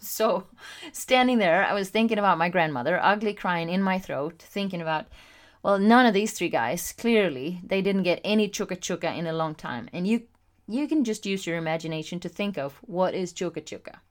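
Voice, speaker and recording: A woman hosting a podcast, telling a personal story in a candid, expressive way with frequent pauses and fillers. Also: lowish voice. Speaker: podcast host.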